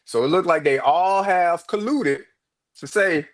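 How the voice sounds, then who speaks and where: A man's voice: a little high, lively intonation, creaky. Emphatic man talking sports. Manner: deliberate, emphatic opinion-giving. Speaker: co-host reading viewer comments. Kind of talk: casual sports talk show.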